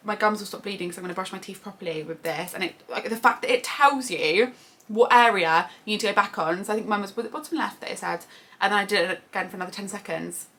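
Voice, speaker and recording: A young British woman reviewing a product at home in a chatty, excitable way, with lots of fillers. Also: medium pitch. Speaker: vlogger. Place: home bathroom.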